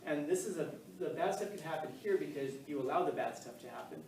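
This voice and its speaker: A man's voice: fairly high pitch, lively intonation, quick pace, darkish tone. Joking male teacher in an echoey classroom. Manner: casual and joking, full of fillers, quizzes the class. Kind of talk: classroom lecture. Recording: echoey classroom, mic far off, faint noise.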